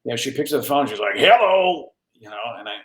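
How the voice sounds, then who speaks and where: A man, a radio news anchor, telling stories as a guest in a casual interview, animated and self-deprecating with plenty of restarts. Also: lowish voice, racing. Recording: roomy echo on the voice.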